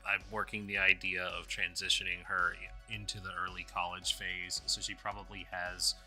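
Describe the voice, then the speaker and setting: A man's voice: sits low, sharp tone. A man playing a tabletop game, musing aloud about his character with fillers. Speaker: player.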